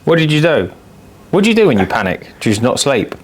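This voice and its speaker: Quick, playful man, mid-pitched, teasing co-host. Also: sing-song, breathy edge. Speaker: podcast co-host. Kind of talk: casual chat.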